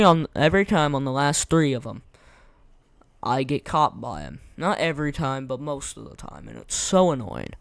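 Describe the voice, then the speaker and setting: A young man giving casual, rambling gameplay commentary, his voice going hoarse, slangy and repeating himself. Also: a little high, dry recording. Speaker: gaming content creator.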